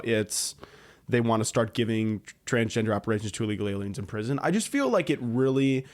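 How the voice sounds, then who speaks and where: A young man hosting his own podcast, rambling alone in a joking, sarcastic and profane way. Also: medium pitch. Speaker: podcast host. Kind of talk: casual solo podcast monologue.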